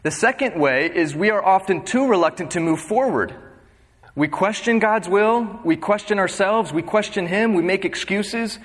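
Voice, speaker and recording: A man's voice: high voice, moderate pace. A young man leading a Bible study as a preacher, joking at times and repeating key phrases for emphasis. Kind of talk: sermon. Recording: long reverb of a hall.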